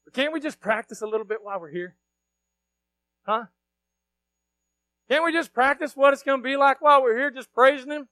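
A male pastor preaching a sermon in a church, swinging from loud shouted bursts down to low, quiet asides. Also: brisk, pauses often, dry recording. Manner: fiery, shouting bursts then dropping low. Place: church sanctuary.

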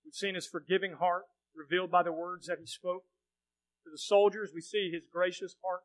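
Male pastor, bright and forceful tone; preaches with big swings from quiet to shouting, questions the congregation. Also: high voice, rough recording. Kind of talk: sermon.

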